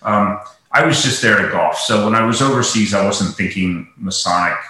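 A man's voice: fairly low pitch, moderate pace, bright, forceful tone. A man talking as a guest in a casual interview, rambling with many fillers and restarts. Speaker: guest, golf professional. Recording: very echoey room.

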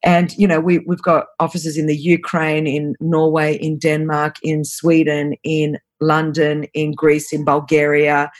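A woman in her fifties, a guest on an interview podcast, telling her story in an earnest, urgent, fast-flowing way. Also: deep voice, monotone. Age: 50s. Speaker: guest, anti-trafficking founder.

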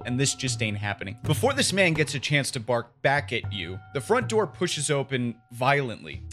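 A man's voice: mid-range voice, fairly bright tone. A man running a tabletop game as game master, narrating in a casual, descriptive way with fillers.

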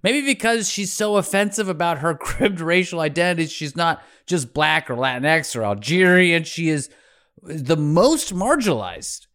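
A man's voice: fairly high pitch, expressive, moderate pace, fairly bright tone. A man hosting a podcast in a casual, playful way, laughing often and adding theatrical asides. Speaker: podcast host.

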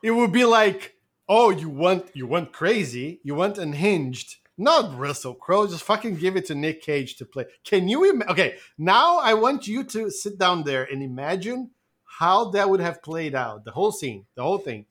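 A man co-hosts a casual podcast chat, joking and swearing freely. His voice is high. It swings widely up and down as he gets animated. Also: normal speed. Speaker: podcast co-host.

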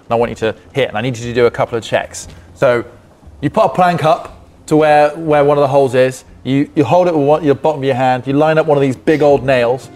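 A man's voice: mid-range voice, fast talker, a little mellow. A man running a tabletop game as game master, narrating in a rambling way with restarts. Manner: rambling, full of restarts and laughter.

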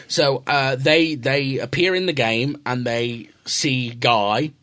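A man talking through a film in an easy, chatty way and pointing out game references. He often drops in playful asides. His voice has an ordinary middle pitch for a man. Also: takes it slowly, a bit bright, clear, resonant tone. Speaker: podcast co-host. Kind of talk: casual film review chat.

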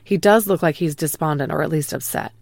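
A woman hosting a true crime podcast, calmly reading a scripted retelling of a police interrogation. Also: low-pitched, gravelly, dry recording. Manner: calm, measured retelling of an interrogation, quoting lines plainly. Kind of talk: scripted narration.

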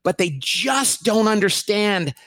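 Man, interview guest, consultant, animated delivery, lively pitch, dry recording. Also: slow pace, dry recording. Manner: animated, acts out quoted people in raised voice. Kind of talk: interview answers.

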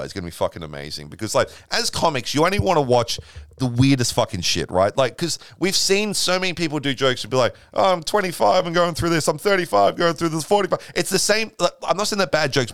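A man hosting a casual comedy podcast, swearing constantly as he tells animated stories. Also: mid-range voice, no echo, studio quality. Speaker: podcast host.

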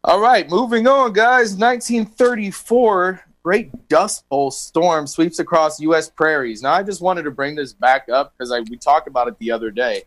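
A man's voice: fairly high pitch, normal speed, few pauses, a bit bright, rough recording. A man co-hosting a radio show, presenting a history segment in a loose, laughing, joking way. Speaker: radio co-host. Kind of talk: casual radio banter.

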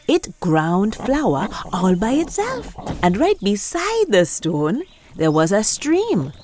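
A woman narrating a children's story in a lively, expressive way, asking her young listeners questions. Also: medium pitch.

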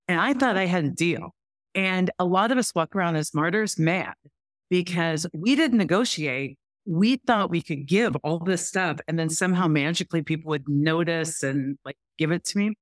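A middle-aged woman, a podcast guest, telling a story in an animated way and acting out both sides of a conversation. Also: fairly low pitch, no echo, clean studio sound. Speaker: podcast guest, workplace author and speaker. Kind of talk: storytelling interview chat.

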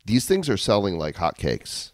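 A man's voice: lowish voice, huge pitch swings, moderate pace, no room sound. A man co-hosting a podcast, chatting casually with dry quips and reading sponsor spots. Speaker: podcast co-host. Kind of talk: casual chat and sponsor read.

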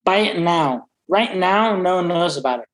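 A middle-aged man, a restaurant owner, talking brashly and profanely in a casual interview, full of excited stories. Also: sits high, normal speed, low-quality recording. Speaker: restaurant owner and wine expert.

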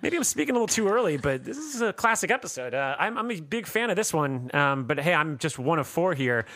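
A man's voice: fairly high pitch, big pitch swings, fast, fairly bright tone, dry recording. A man hosting a podcast in casual, rambling, jokey chat. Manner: rambling, jokey, laughs often. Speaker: podcast host.

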